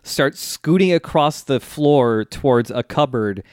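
A man with a mid-pitched voice retells an episode in a loose, laid-back way, leaning on fillers and laughing often. The sound is dry and close, with no room around him. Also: expressive, measured pace, darkish tone, smooth, no room sound. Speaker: podcast co-host. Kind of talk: casual recap chat.

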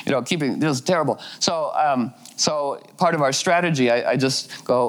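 A man's voice: mid-range voice, moderate pace, hardly any pauses, low-quality recording. A man giving a meandering, playful astrology talk, full of "you know" fillers and laughing asides. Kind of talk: rambling spoken talk.

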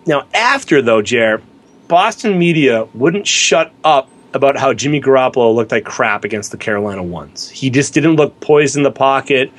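Animated man talking fantasy football. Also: mid-range voice. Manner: animated, rhetorical questions. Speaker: podcast co-host. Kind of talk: casual sports talk.

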